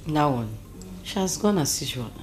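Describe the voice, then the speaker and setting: An actress with a Nigerian accent playing a weary, resigned palace wife. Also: female voice, low-pitched, lively intonation, moderate pace, a little mellow, slight background noise. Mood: friendly.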